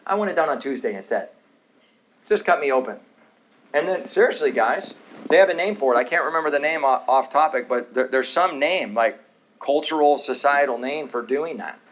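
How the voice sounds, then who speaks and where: A man's voice: on the high side, a bit bright, a little hiss or hum, rough recording. A man in his thirties teaching a live health class, talking to the room with joking, sarcastic asides and questions to the audience. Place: office classroom.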